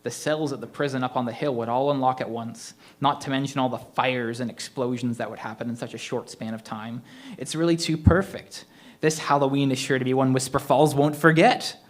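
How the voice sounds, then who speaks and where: A man's voice: medium pitch, fairly even intonation, a little fast, natural voice. A man reading a story aloud, voicing a vengeful male ghost who possesses a middle-aged man, with mocking, theatrical menace. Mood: gloating.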